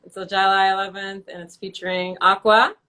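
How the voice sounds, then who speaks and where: A woman hosting a casual livestream interview, effusive and enthusiastic, quick to laugh, heard over a video call. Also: mid-range voice, level tone, crowd noise. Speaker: host.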